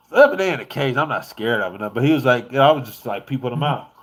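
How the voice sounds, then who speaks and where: This man vlogs in a casual storytelling style, animated and rambling, swearing freely as he goes. His pitch is medium and he talks fast.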